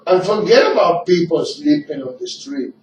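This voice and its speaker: Sharing his views on a radio talk show, a non-native English speaker rambles and repeats points in a fairly high, expressive voice at normal speed. The recording is lo-fi and dull, picked up from a distant mic in a reverberant room, with crowd noise audible.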